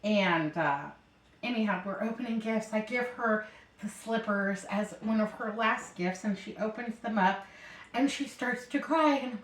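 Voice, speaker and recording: A woman's voice: medium pitch, measured pace. Woman, middle-aged, home cook, meandering chatty storyteller, distant mic, roomy echo. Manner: rambling, meandering, keeps saying anyhow. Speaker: home cooking vlogger. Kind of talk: chatty storytelling while cooking. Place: home kitchen. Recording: echoey room, mic set far off.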